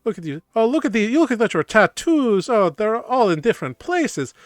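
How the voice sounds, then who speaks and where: Male GM as a high, fussy fantasy mom, smothering and chatty, clear voice. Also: sing-song, moderate pace, no room sound, clean studio sound, faint music behind. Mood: doting fuss. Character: fussy doting tiefling mother, plump, short.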